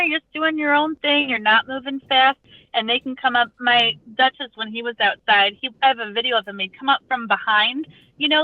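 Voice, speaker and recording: Animated higher-voiced woman guest. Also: no echo. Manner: animated, acts out what the birds would say. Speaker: guest, rooster keeper. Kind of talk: casual interview chat. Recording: dull, dry sound.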